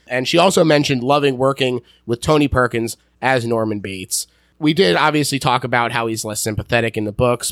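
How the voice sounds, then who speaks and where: A man co-hosts a relaxed podcast chat, his voice middle-pitched and recorded close and dry with no room sound. He shares background facts in an easygoing way and laughs readily. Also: dry recording. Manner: relaxed, reads out production facts, laughs easily. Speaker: podcast co-host. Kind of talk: casual film discussion.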